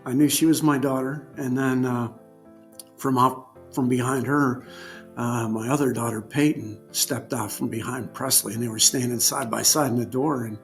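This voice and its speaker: A man recounting a personal ordeal as an interview guest, speaking haltingly with frequent pauses and filler words. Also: medium pitch, fairly even intonation, vocal fry, soft background music. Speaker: guest telling his survival story. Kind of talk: unscripted personal storytelling.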